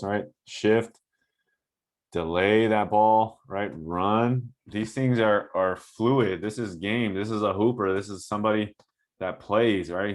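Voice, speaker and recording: A man who coaches basketball talks through game footage casually, asking "right?" often to check that the viewer is following. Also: on the low side. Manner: animated, coaching asides with frequent "right?". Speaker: basketball trainer breaking down game film. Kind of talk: casual film-breakdown commentary.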